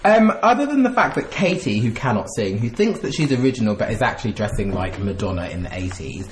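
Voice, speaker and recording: Catty, theatrical young man, wildly swooping pitch. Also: big pitch swings, quick pace. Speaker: podcast co-host. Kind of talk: casual chat. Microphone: studio mic, talked into directly. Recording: roomy echo, faint noise.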